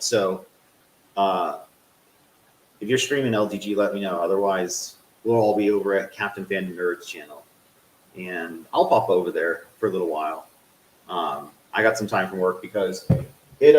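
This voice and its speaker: A man streaming a game, swearing at it and swinging from low grumbling to loud yelling while he talks to his chat. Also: roomy sound, slight background noise, low-quality recording. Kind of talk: live game stream commentary.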